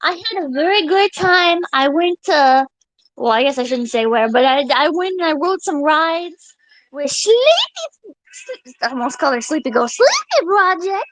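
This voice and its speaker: A young woman live streamer chatting casually with her viewers, excitable and giggly, swearing freely. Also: very high-pitched, unhurried, no room sound, rough recording.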